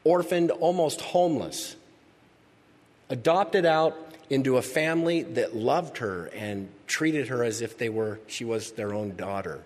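A man preaching a sermon as pastor. He is emphatic, repeats key phrases and builds to loud peaks. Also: medium pitch, lively intonation, unhurried. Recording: long reverb of a large hall.

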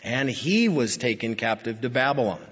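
A man preaches a heartfelt sermon in a husky voice, his pitch rising and falling widely as he moves between hushed and emphatic passages. The recording sounds dull and lo-fi, with a long reverb trailing off in a large hall. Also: expressive, normal speed. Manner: emotional, swinging from hushed to emphatic. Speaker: pastor.

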